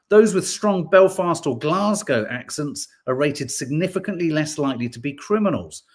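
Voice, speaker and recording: A man from Birmingham hosting a podcast, casually reading out headlines and viewer comments with jokey, playful asides. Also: mid-range voice. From Birmingham, England. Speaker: podcast host.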